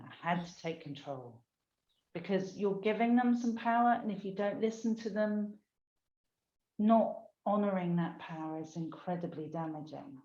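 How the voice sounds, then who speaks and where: An older woman talks in an emotional, unhurried, heartfelt way. Her voice sits a little low. The recording is lo-fi and echoey. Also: dark tone. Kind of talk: casual conversation. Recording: echoey room, dull lo-fi sound.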